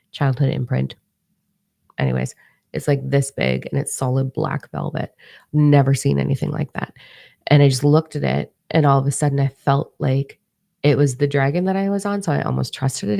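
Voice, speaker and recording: A woman's voice: rumbling low, vocal fry, dark tone, no echo, clean studio sound. A woman in her forties, a spiritual teacher telling a story in a casual, rambling monologue, blunt and swearing freely. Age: 40s.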